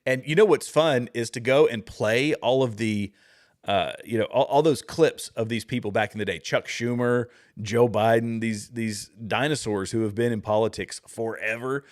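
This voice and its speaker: A man's voice: mid-range voice, normal speed. Man rambling through political commentary. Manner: rambling, with frequent restarts and asides. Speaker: livestream host. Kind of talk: casual political commentary reading chat comments.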